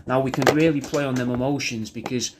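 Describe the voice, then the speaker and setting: A man's voice: mid-range voice, steady tone, fairly quick, noisy background. A man rambling through a personal video message, swearing a lot and often restarting his sentences. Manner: rambling, sweary, self-deprecating, with many restarts.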